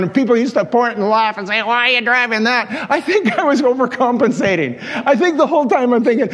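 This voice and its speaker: A man, preaching a sermon in a folksy, self-deprecating storytelling way, chuckling at his own stories. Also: very high voice. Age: 60s. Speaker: pastor. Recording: long reverb of a large church hall.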